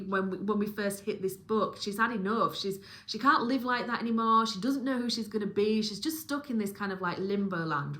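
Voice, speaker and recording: A woman's voice: medium pitch, bright, forceful tone. A middle-aged woman with a Yorkshire accent, musing through a solo book talk with many restarts and fillers. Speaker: book reviewer.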